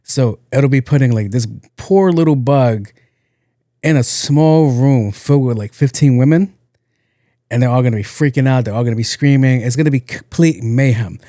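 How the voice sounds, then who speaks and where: A young man hosting a podcast, telling a story in a loose, animated way, acting out the people in it and laughing along. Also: medium pitch, normal speed, dry recording, clean studio sound. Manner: animated, acts out quotes, laughs at own story. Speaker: podcast host. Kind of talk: casual comedic storytelling.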